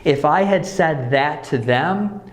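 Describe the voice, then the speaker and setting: A man's voice: fairly high pitch, expressive, slow. A man earnestly telling an emotional story from his own childhood, often restarting his sentences. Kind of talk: personal storytelling. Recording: echoey room.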